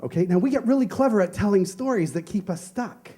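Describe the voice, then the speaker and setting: A man's voice: high-pitched, expressive, a little fast, warm tone, breathy edge. A man giving a conversational sermon as a minister, telling personal stories and asking rhetorical questions. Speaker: minister giving a Sunday talk.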